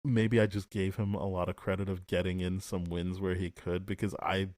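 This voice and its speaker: Low-voiced man co-hosting a podcast. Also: moderate pace, no echo, clean studio sound. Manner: animated, acts out quoted lines, chuckles often. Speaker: podcast co-host. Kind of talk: casual film review chat.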